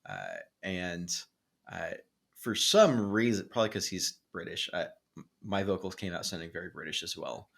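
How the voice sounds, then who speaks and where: Low-pitched guy co-hosting a podcast, rambles through a story, lots of um and like. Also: sing-song, normal speed, creaky, fairly bright tone. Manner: rambling storyteller with many fillers and restarts. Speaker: podcast co-host. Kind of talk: casual chat.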